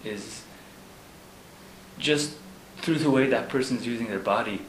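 A man, a Zen monk, talking casually about monastery life, halting with fillers and laughing as he tells stories. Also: mid-range voice. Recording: echoey room with background noise.

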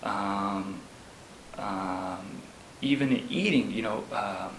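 A man, a Zen monk, talking casually about monastery life, halting with fillers and laughing as he tells stories. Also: on the low side, fairly bright tone. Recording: echoey room with background noise.

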